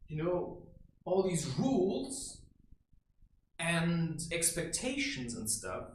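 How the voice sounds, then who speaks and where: A man giving a rambling spiritual monologue, blunt and profane, often tossing in "right?" and "you know". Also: sits high. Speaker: creator sharing spiritual advice. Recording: roomy echo with faint ambience.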